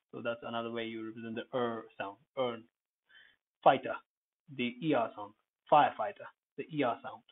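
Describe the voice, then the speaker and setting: A man teaching English pronunciation, repeating each word slowly and spelling out its letters. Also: mid-range voice, slightly rough, phone-quality sound. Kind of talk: pronunciation lesson.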